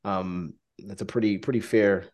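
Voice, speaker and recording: A man's voice: fairly low pitch, fairly even intonation, normal speed, darkish tone. A man co-hosting a casual sports podcast over a call, chatty and restarting his phrases. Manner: chatty, hesitant with fillers, repeats himself. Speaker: podcast co-host. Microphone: remote call.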